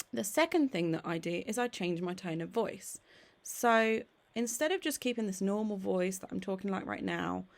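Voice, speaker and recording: Woman, thirties, play therapist, encouraging parenting talk, gravelly fry, mid pitch. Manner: earnest, encouraging, frequent "okay?" check-ins and "um" fillers. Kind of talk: direct-to-camera parenting talk.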